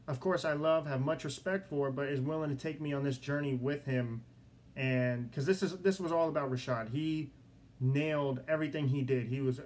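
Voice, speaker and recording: A young man hosting his own sports podcast in a studio, talking excitedly and repeating himself as he tells a story. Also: a little high. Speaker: podcast host. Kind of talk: solo podcast monologue.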